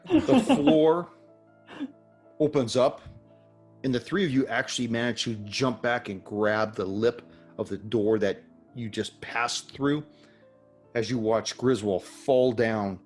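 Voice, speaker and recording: A man running a tabletop game as game master, calmly describing scenes to the players. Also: mid-range voice, unhurried, soft background music.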